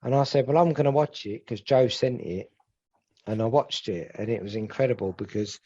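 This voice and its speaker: A man's voice: mid-range voice, normal speed, warm tone, breathy edge. Rambling man, dull audio. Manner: rambling, repeats himself, swears casually. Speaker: podcast co-host. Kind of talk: casual chat.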